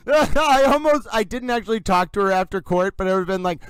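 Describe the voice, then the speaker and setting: A young man hosts a casual livestream in a rambling, excitable way, sounding wired from caffeine. His voice sits high and comes across clean and resonant. The recording is dry and close, with almost no room sound. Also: fairly quick, clean tone, dry recording, low-quality recording. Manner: excitable, rambling, chatty with laughs. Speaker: livestream host.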